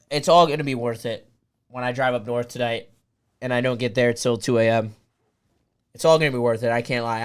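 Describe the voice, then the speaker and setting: A man's voice: mid-range voice, smooth. Chatty young man streaming a watch party. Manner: rambling, talks to chat, bursts into loud hype cheering. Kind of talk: casual live-stream chat.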